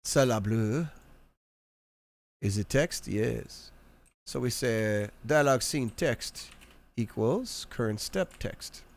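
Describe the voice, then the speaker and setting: A man streaming live, talking through his code in a low-key, self-mocking way. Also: lively intonation, slow pace, gravelly. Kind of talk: live coding commentary.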